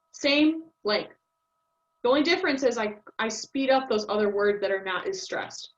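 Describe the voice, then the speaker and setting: Casual young woman presenting, lo-fi sound. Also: medium pitch. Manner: casual, thinking aloud with many ums. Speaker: student presenter. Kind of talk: recorded class presentation. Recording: dull lo-fi audio.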